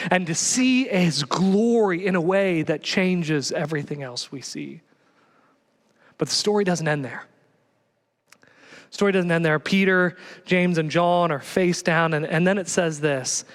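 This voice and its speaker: A male pastor delivering a sermon with a bright, high voice. He is animated and emphatic and drives his points home by repeating them. His delivery swings from lively to hushed. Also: long reverb tail.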